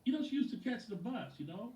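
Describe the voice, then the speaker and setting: A man who is a sales coach gives a lively motivational training talk, telling stories about clients and acting out their words. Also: very high-pitched, fast. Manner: animated storyteller, acts out quotes, addresses a listener by name. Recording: roomy echo from a distant mic.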